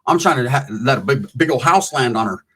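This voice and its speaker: A man's voice: medium pitch, animated, fairly quick, a bit bright, husky. A man casually telling a long, profane story, acting out the voices of the people in it. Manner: profane, rambling, acts out voices.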